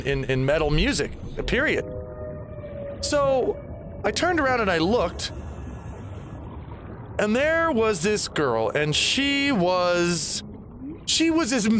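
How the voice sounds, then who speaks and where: A man's voice: high-pitched, a little hiss or hum. A man in his forties telling a rambling personal story while playing a game, with game sounds behind him. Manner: rambling, animated, swears at the game. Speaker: gaming storyteller host. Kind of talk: personal storytelling over gameplay.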